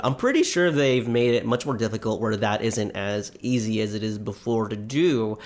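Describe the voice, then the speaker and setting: A man giving casual, self-deprecating commentary while playing a farming game, chatting to his viewers and a little out of breath. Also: mid-range voice. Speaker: let's play gamer.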